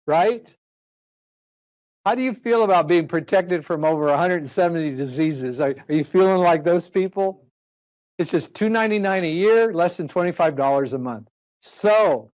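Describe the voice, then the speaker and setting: A man with a voice on the higher side of average delivers a live sales pitch to a roomful of people. He talks persuasively, repeating prices and throwing rhetorical questions out to the crowd for answers. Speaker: sales presenter. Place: presentation room with a live audience.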